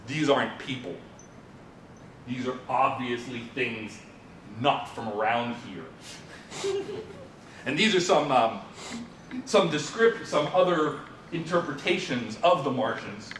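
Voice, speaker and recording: A man's voice: lively intonation, slow pace, long pauses, fairly bright tone. A man giving an informal conference presentation, talking the audience through a story and asking them questions. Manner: informal lecturing with fillers, asks the audience questions. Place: presentation room at a symposium. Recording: roomy, from a distant mic, faint rumble.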